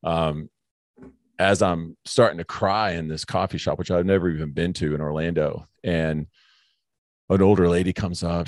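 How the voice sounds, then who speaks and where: Man, very low voice, earnest storyteller, casual podcast host, dry close sound. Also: fairly even intonation, normal speed, darkish tone, dry recording. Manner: earnest storytelling, says bro. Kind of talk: casual faith conversation.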